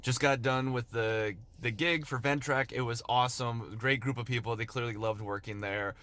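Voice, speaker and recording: A man's voice: mid-range voice, normal speed. A man from Minneapolis recording a casual travel vlog, talking tiredly to the camera. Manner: tired, relaxed talk to camera. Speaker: touring comedian.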